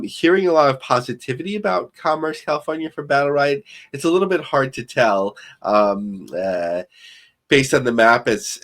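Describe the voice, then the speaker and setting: A man's voice: medium pitch, fairly bright tone. A man co-hosting a podcast, talking through business news in a loose, rambling way with many fillers. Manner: rambling, filler-heavy and thinking aloud. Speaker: podcast co-host. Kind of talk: casual podcast commentary.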